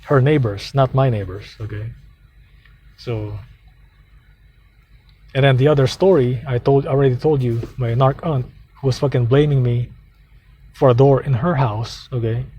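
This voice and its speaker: A man's voice: medium pitch, a little slow, long pauses, dark tone, a little hiss or hum. A man vlogging from his parked car, telling a heated personal story in a rambling, profanity-filled rant. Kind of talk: casual ranting monologue.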